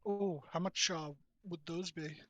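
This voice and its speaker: Player: man with a somewhat high voice, playful and haggling, dry sound. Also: fairly even intonation, measured pace, fairly bright tone, no echo. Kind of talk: playing a tabletop game over voice chat.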